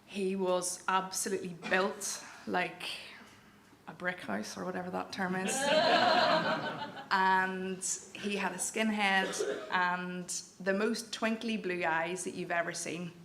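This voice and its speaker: Speaking unhurriedly in a fairly low, level voice with vocal fry and a bit of brightness, this young Northern Irish woman from County Down shares a personal story before a live crowd. She's frank and wry, poking fun at herself, while the echoey event hall adds faint room noise.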